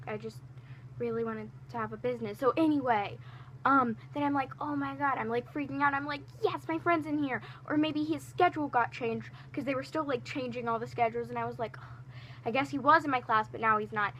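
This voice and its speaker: A teenage girl telling rambling, animated school stories in a casual storytime vlog, with lots of fillers and restarts. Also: a little high, a little hiss or hum. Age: teens. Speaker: storytime vlogger.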